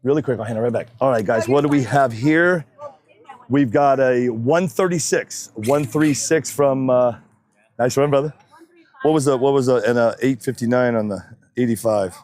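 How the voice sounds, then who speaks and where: A man speaks in a mid-range voice at a moderate pace. Calling races for a live stream at an outdoor drag racing track, he wears a wireless mic on his body and sounds a little out of breath, chatty and jokey, with loud calls to the crowd.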